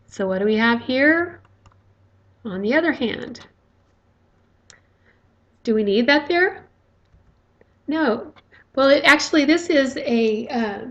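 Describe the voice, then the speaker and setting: Woman teacher going over grammar, bit high voice, patient, lots of okays and uhs. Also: lo-fi sound. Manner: patient, explains step by step with frequent "okay" and "uh". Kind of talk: recorded grammar lecture.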